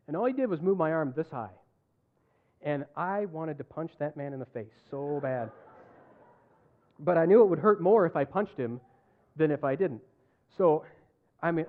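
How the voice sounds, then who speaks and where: A middle-aged man preaching a sermon as pastor, telling personal stories and acting out the dialogue in them. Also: fairly high pitch. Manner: animated, acts out dialogue in his stories. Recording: tinny phone-like sound.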